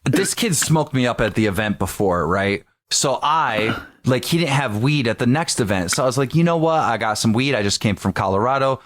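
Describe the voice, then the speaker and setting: A man co-hosting a podcast, telling stories in an animated, profane way and acting out what people said. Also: mid-range voice, fairly quick, few pauses. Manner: animated, profane storytelling with acted-out quotes. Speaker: podcast co-host. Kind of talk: casual podcast chat.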